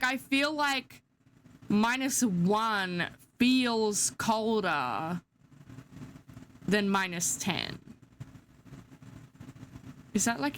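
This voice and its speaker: Slow sleepy young woman streamer. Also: on the high side, fairly bright tone, a little hiss or hum. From Australia. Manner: slow, chatty, giggly, sleepy and yawning. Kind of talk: casual live-stream chat.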